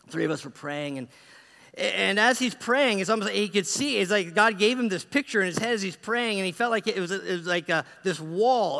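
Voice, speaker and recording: Male pastor, slightly high, gravelly voice, earnest conversational sermon, heavy church reverb. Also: sharp tone. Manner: conversational and earnest, frequent restarts. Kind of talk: sermon storytelling. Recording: long reverb of a large hall.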